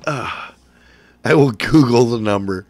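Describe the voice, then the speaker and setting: Laid-back man, slow and joking, laughs a lot, swears freely, dry close sound. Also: mid-range voice, no echo. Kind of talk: casual chat.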